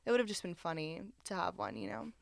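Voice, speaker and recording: A woman's voice: mid-range voice, quick pace, gravelly, dry recording, clean studio sound. A young woman co-hosting a podcast, telling stories in a chatty, laughing way and swearing freely. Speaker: podcast co-host. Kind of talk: casual storytelling chat.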